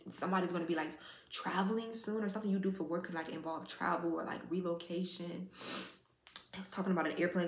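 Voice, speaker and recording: A woman doing a casual spiritual card reading, rambling and heartfelt, with "like" in nearly every phrase. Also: fairly low pitch. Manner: rambling, filler-heavy, heartfelt, says "like" constantly. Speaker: tarot card reader. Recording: echoey room.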